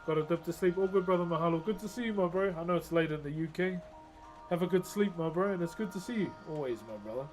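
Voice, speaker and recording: Speaking quickly in a high voice, a man jokes around with his live-stream viewers while music plays in the background. He keeps things relaxed, telling funny stories and laughing frequently.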